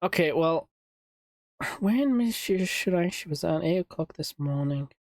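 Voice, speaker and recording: A streamer reading game dialogue aloud, reading lines quickly and riffing between them. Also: mid-range voice, lively intonation, dry recording, clean studio sound. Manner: reads lines quickly, laughs and riffs.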